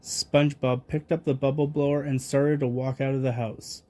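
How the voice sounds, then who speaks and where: A man reading a children's storybook aloud in a gentle, even storytelling manner. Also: mid-range voice, normal speed. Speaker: storybook reader.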